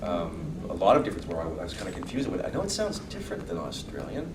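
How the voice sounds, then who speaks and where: A man's voice: sits low, quick pace. A man, an actor, chatting casually and jokingly as a panel guest and answering fan questions. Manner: joking, animated, does accent impressions. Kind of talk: casual storytelling Q&A. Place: large convention hall. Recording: echoey hall, distant mic, noise.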